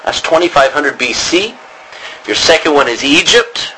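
A man's voice: fairly high pitch, animated, normal speed, pushed and bright, slight background noise, low-quality recording. A man teaching a class on biblical Greek, rambling with many ums and restarts. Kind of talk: classroom lecture.

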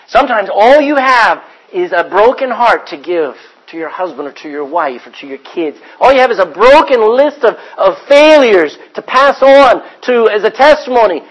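Animated high-voiced preacher. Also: male voice, lo-fi sound. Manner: preaching with dramatic swings in volume, from hushed asides to loud acted-out quotes. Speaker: pastor. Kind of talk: sermon.

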